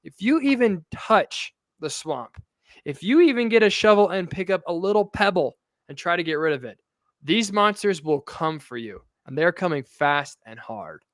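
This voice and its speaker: A man co-hosting a political commentary chat, his voice smooth and clean. He speaks a little high for a man and comes in with emphatic, indignant outbursts. The sound is dry and close, with no room in it. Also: animated, moderate pace, a bit bright, no echo. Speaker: podcast host.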